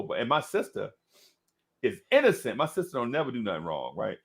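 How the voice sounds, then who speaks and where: In casual chat, a podcast co-host tells a childhood story with a fast, mid-range voice marked by vocal fry. He's animated, laughing often and acting out the people in the story.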